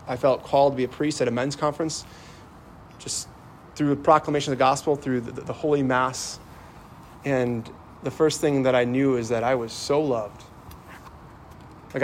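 A man's voice: mid-range voice, a little hiss or hum. A man in his thirties, a priest giving a casual, story-driven homily with lots of fillers and restarts. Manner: conversational, many fillers and repeated starts.

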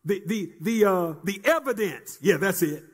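This sermon comes from a man whose voice is very high and slightly breathy, moving at a moderate pace with lively intonation. He chants in rising and falling waves, repeats phrases, and calls for responses from the congregation.

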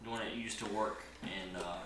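A man running and narrating a tabletop role-playing game in a relaxed way, chuckling often. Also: on the low side, normal speed, far from the mic. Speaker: game master. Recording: echoey room, steady noise.

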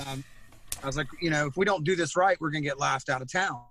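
A man's voice: on the high side, fairly even intonation, a little fast, noisy background. A man who sings in a band, telling stories in casual chat and laughing often. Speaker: singer in a band, guest.

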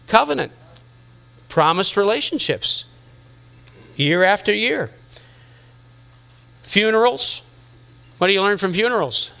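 A man's voice: sits high, bright, forceful tone. A middle-aged male pastor giving a sermon in a conversational way, teasing the congregation and acting out inner voices.

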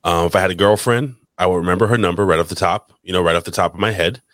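A man's voice: sits low, steady tone, racing, fairly bright tone, no room sound, studio quality. A man co-hosting a talk show, chatting in a rambling, profane way. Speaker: podcast co-host. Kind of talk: casual chat.

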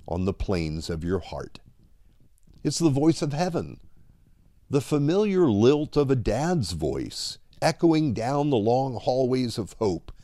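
A man preaching a dramatic devotional sermon, slow and deliberate, often dropping to a hush at the end of a line. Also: on the low side, no room sound, studio quality.

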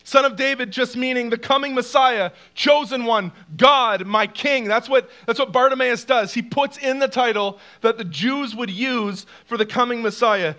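High, bright-voiced man preaching a sermon. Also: moderate pace, few pauses. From Canada. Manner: animated preaching, acts out cries and shouts. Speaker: pastor.

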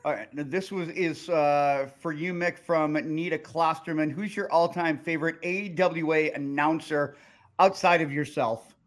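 A man's voice: fairly high pitch, steady tone, unhurried. A man hosting a casual podcast, reading out listener questions in a playful, upbeat way.

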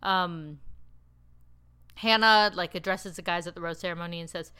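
A woman recapping a TV show in casual chat, rambling and animated with lots of filler words. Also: fairly low pitch, fairly quick, clear, resonant tone. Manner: animated, laughing storyteller. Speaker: TV recap podcaster.

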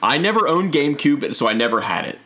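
A man co-hosting a casual podcast, talking excitedly with frequent stammers and casual swearing. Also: a little high, quick pace. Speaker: podcast co-host. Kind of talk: casual podcast chat about games.

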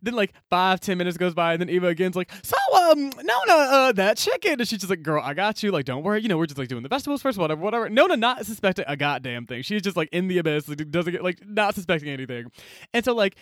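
A man's voice: high voice, lively intonation, racing, a bit bright, no room sound, studio quality. A man co-hosting a casual book podcast, retelling scenes animatedly and acting out the characters' lines, with lots of "like". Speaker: podcast co-host.

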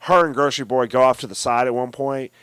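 A man's voice: medium pitch, fast, clean tone, no echo. A man co-hosting a casual film podcast, swearing freely and acting out scenes in mocking voices. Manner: profane, animated, retells scenes in mocking voices. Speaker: podcast co-host.

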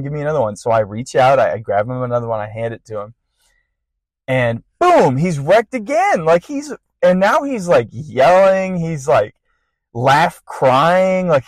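A young man casually telling a lively personal story on a podcast, full of fillers and laughter. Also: mid-range voice, no echo. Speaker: podcast guest sharing a testimony.

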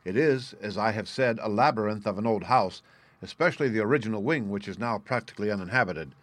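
Low-voiced man reading a story. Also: quick pace, no room sound. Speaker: audiobook narrator. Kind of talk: first-person storybook narration.

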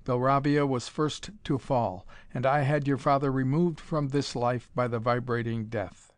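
A man's voice: mid-range voice, steady tone, unhurried, no room sound, natural voice. A man voicing a cruel, mad old emperor who gloats and threatens, in a dry recording. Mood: gloating. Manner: gloating, menacing.

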